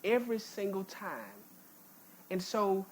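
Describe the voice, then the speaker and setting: Her voice is medium-pitched, steady, slightly slow and darkish, with a little hiss or hum in the recording. She preaches in the church sanctuary in a folksy, emphatic way, cracking informal jokes and repeating words whenever she starts over.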